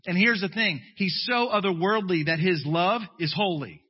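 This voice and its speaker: A man preaching a sermon as pastor, animated and emphatic, slipping into comic voices of people he quotes. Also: high voice, normal speed, hardly any pauses, breathy edge, in a large hall, highs cut off.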